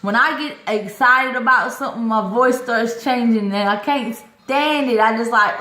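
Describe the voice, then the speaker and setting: A woman's voice: on the high side, normal speed, hardly any pauses, bright, forceful tone. A woman chatting casually to viewers about her orchids, exclaiming often and calling them y'all. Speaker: vlogger showing her orchid collection. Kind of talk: casual chat. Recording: echoey room.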